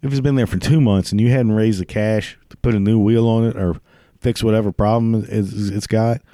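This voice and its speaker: A man's voice: fairly low pitch, steady tone, moderate pace, mellow, no echo, studio quality. Man ranting, crude and swearing. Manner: crude, swears constantly, laughs at his own jokes. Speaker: ranting commentator. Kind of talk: profane comedic rant.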